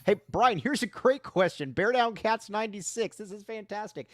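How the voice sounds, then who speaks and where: A man's voice: sits high, big pitch swings, moderate pace, hardly any pauses, no echo, clean studio sound. A man hosting a casual sports podcast, playful and jokey as he reads out listener questions. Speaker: podcast host.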